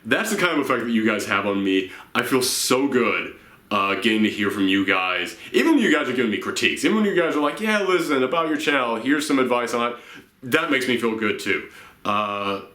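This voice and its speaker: A man's voice: fairly low pitch, sing-song, fairly quick, bright, forceful tone, echoey room. A young man hosting his own channel, talking unscripted and earnestly to his viewers late at night, a little tired and rambling. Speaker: YouTube channel host. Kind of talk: casual vlog to viewers.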